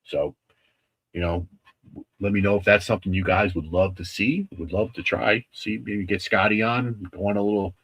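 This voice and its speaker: A man hosting a casual livestream with a husky voice, talking in a rambling, halting way with many restarts. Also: fairly low pitch, a bit bright. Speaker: livestream host.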